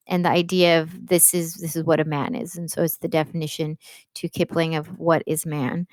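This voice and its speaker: Brief: female English teacher, patient explainer, low-pitched and resonant, dry close sound. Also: no echo. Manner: patient, explanatory, with frequent fillers. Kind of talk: classroom lecture.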